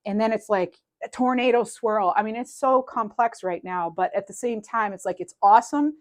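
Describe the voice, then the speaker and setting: A woman giving a casual tarot reading to her viewers, rambling and animated, with many fillers and restarts and light laughs. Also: on the high side, moderate pace. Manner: laughs lightly while talking. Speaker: tarot reader.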